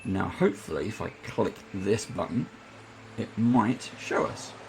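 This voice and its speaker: A man acting as game master, narrating a tabletop game in a measured, explanatory way with hesitations. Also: lowish voice, gravelly, noisy background.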